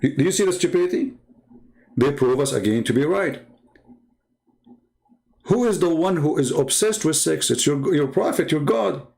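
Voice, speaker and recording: A man's voice: fairly high pitch, animated, moderate pace, creaky, pauses often, a little mellow. A man hosting a religious debate channel, talking in a combative, mocking way full of rhetorical questions, in non-native English. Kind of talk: heated polemical commentary.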